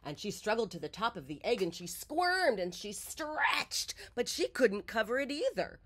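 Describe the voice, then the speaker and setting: A woman reading a children's picture book aloud, with expressive storytelling. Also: a little high, normal speed.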